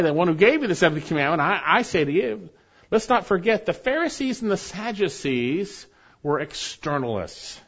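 A man's voice: sits high, a bit bright, breathy edge. A man preaching an expository sermon as pastor in a church, emphatic and repeating key phrases for stress. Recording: dull lo-fi sermon recording.

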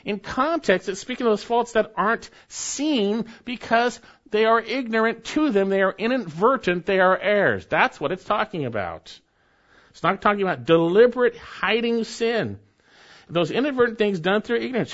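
A man's voice: lively intonation, normal speed. Preacher, male, earnest and emphatic; muffled lo-fi recording. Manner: earnest, emphatic, drops to soft low phrase endings. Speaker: pastor. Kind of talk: expository sermon. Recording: dull lo-fi recording.

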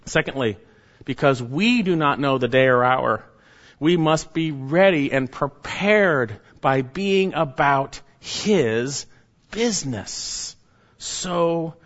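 Man preaching an urgent sermon, reverberant hall. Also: medium pitch. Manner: emphatic, urgent, with sharp rises and hushed drops. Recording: dull sound, long reverb of a church hall.

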